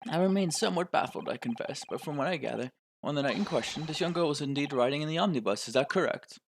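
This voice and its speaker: A man voicing a stern, formal male judge in a courtroom game, measured and deliberate. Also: on the high side, animated, gravelly, slight background noise.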